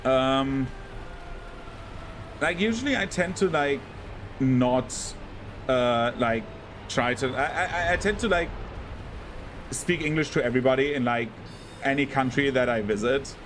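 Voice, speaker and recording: A man's voice: mid-range voice, measured pace, long pauses, a bit bright, a little hiss or hum. A young man chatting loosely while streaming a game, rambling with many fillers and yelping when in danger. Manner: rambling, full of fillers, bursts into panicked yelps while playing. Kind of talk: casual gameplay commentary.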